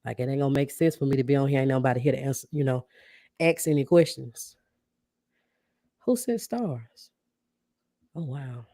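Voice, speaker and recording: A woman podcast host chatting casually with livestream viewers, warmly thanking them and reacting to their comments. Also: very deep voice, steady tone, fast talker, no echo, studio quality. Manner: chatty, keeps addressing viewers as y'all; warm and grateful, reacts to comments.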